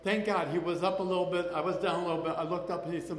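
A man's voice: high voice, steady tone, very fast. An older man speaking at a recovery meeting, telling his personal story in a chatty, rambling way with frequent laughs and repeated phrases. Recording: echoey hall with long reverb.

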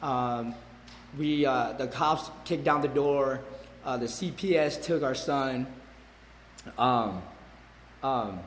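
A man in his forties gives a rambling personal testimony, stumbling, repeating words and using many fillers. His medium-pitched voice moves slowly with frequent pauses. He's recorded in an echoey hall with long reverb, faint ambience and slight background noise.

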